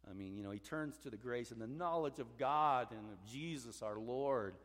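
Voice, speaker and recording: A male pastor preaching a sermon, swinging between loud urging and hushed, low passages. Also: normal speed, hardly any pauses, long reverb tail.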